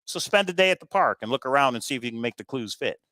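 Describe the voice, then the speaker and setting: A man's voice: mid-range voice, lively intonation, fast, sharp tone, dry recording. A man hosting a treasure hunt video, chatting casually and thinking aloud with frequent fillers as he walks through a puzzle solution. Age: adult with kids. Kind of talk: casual walkthrough commentary.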